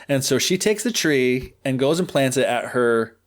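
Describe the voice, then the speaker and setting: A man's voice: medium pitch, expressive, normal speed. A male podcast host retells a fairy tale in a loose, joking way. He is chatty and full of fillers. His voice sits in an ordinary middle register. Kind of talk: casual storytelling.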